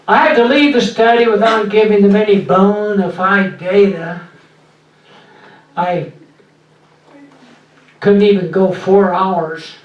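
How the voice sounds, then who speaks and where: An older man doing stand-up in a small club, with a weak, breathy voice after voice surgery and slow deadpan one-liners. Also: sits high, highs cut off. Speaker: stand-up comedian. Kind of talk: stand-up set. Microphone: handheld mic through a loud PA. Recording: echoey club recorded from far off.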